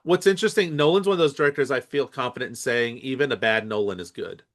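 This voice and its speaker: A man co-hosts a casual movie podcast, his voice sitting at an ordinary middle pitch. He rambles and hesitates, restarting his sentences often as he thinks aloud. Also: fast talker, a bit bright. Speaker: podcast co-host.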